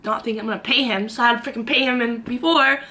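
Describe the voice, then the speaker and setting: A woman in her twenties tells a story to the camera in a chatty, animated way, acting out the quotes and saying "like" often. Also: a little high, very fast, a little hiss or hum. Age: 20s. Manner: animated, acts out quotes, lots of "like". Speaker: vlogger.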